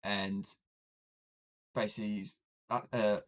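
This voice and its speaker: A man's voice: on the low side, little pitch movement, slow pace. A man hosting a podcast, recapping a film in casual chat and rambling with lots of fillers. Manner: rambling, heavy use of "obviously" and "like". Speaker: podcast host.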